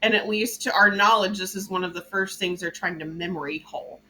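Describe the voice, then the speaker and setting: A woman from Louisiana hosting a podcast, chatting about politics in an animated way and laughing at her own jokes. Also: mid-range voice, fairly quick, slight background noise, low-quality recording. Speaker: podcast host. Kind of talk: casual political chat.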